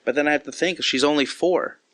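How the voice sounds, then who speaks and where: A man's voice: on the high side, brisk, a bit bright, no room sound. A man in his thirties giving an earnest, conversational Bible devotional as a podcast host, acting out quotes as he goes.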